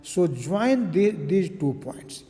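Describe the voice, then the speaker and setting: A male physics lecturer talks through his material slowly and patiently, padding his sentences with "uh" and checking in with "okay". His voice sits fairly high for a man but sounds dark and mellow. The room gives it a long, lingering reverb. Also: sing-song. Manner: slow, explanatory, many fillers and "okay"s. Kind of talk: recorded lecture.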